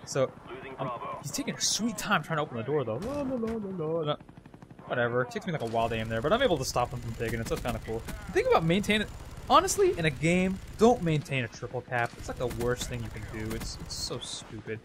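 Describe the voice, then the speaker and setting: Animated, jokey young-sounding gaming man. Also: mid-range voice, fast talker, background noise. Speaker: gaming commentator. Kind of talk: casual gameplay commentary.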